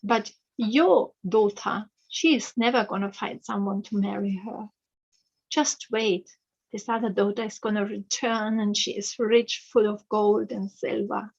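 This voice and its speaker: A woman's voice: medium pitch, fairly even intonation, measured pace, creaky, breathy edge, dull audio. A woman voicing a talking dog in a fairy tale, giving blunt, repeated warnings.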